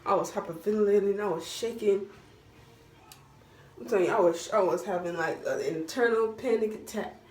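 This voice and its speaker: A young woman vlogger telling a casual storytime in an animated, dramatic way, full of slang. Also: mid-range voice, moderate pace. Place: at home, doing her hair while talking. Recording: roomy echo from a distance, faint background hum.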